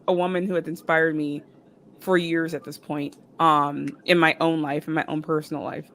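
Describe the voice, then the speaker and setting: A woman guest on a podcast telling a story casually, full of "like" and "um", jumping high when she quotes people. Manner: chatty, full of fillers like "like" and "um"; jumps high and loud when quoting others. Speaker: podcast guest, fan content creator.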